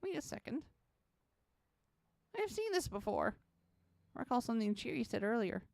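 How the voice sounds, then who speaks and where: A woman streamer reading game text aloud in an expressive, dramatic way, with sudden high exclamations. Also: normal speed, creaky, no echo.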